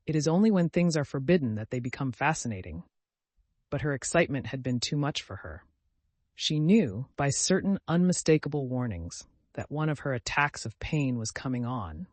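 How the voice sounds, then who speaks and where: A man narrating an audiobook in a steady, measured reading voice. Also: medium pitch, no room sound. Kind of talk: scripted narration.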